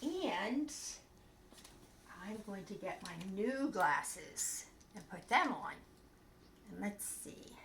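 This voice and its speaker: An older woman who hosts a children's bedtime story show, chatting in an animated, sing-song way with puppets. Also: mid-range voice, extremely slow, a little hiss or hum. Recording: echoey room.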